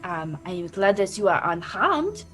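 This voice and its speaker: A woman's voice: mid-range voice, very animated, fairly bright tone, soft background music. A woman voicing a polite young noblewoman who speaks formally and hesitantly, unsure of her newly found magic. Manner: hesitant, formal, many pauses.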